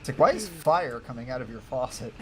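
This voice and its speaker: A man from New Jersey with a faint Jersey accent, co-hosting a podcast and making teasing deadpan jokes. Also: medium pitch, a little fast, a little hiss or hum. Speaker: podcast co-host. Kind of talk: casual chat while gaming on a livestream.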